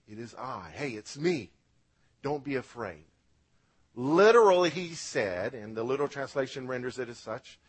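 A man preaching a sermon as pastor, swinging between loud emphatic lines and quiet low drops, asking the congregation to repeat words after him. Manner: emphatic preaching, rising and dropping for effect.

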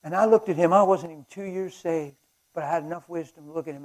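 Guy preaching at a men's conference, kinda high voice, passionate, gets loud then real quiet. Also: quick pace, poor audio. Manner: passionate, swings from loud to hushed. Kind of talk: sermon with storytelling. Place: conference hall.

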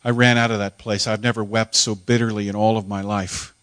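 A man's voice: fairly low pitch, level tone, a bit bright, no room sound. Man preaching a dramatic first-person monologue. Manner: emotional, halting, repeats words when moved.

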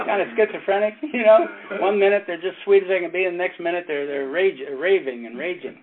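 A pastor and former Navy chaplain teaching a casual Bible study, telling stories in a rambling way, with halting restarts and frequent chuckles. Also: male voice, sits high. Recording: tinny phone-like sound with faint noise.

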